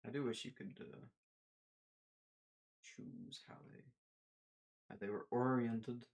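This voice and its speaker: A man's voice: medium pitch, steady tone, takes it slowly, creaky, long pauses, darkish tone. A man giving casual, rambling commentary while playing a building game, talking to himself and slipping into silly put-on voices.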